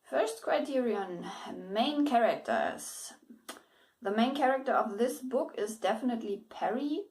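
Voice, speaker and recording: A woman's voice: fairly high pitch, very animated, a little slow, darkish tone. A woman with German as her first language gives a casual spoken book review, hesitant, with many fillers, restarts and bits of laughter.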